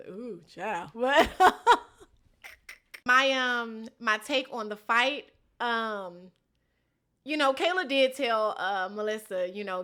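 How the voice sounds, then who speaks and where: A woman's voice: fairly high pitch, expressive, normal speed, bright, forceful tone. A young woman recapping a reality show episode in a casual vlog, talking bluntly with lots of slang and swearing.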